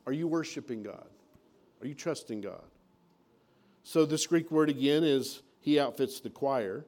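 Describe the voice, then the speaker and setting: A man's voice: medium pitch, measured pace, darkish tone. A man preaching a sermon in a folksy, conversational way, acting out little everyday scenes. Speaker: pastor.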